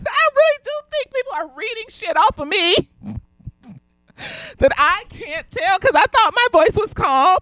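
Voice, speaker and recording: A slightly tipsy woman, a therapist, reviewing a TV episode in blunt, profane casual talk, laughing often and swinging from loud outbursts to quiet muttering. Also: extremely high pitch, very animated, a little slow, no room sound, low-quality recording. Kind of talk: casual commentary vlog.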